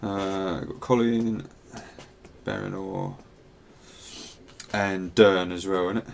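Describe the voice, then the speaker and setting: A man narrating as game master in a tabletop game, relaxed and hesitant, with many fillers. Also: deep voice, slow, vocal fry, slight background noise.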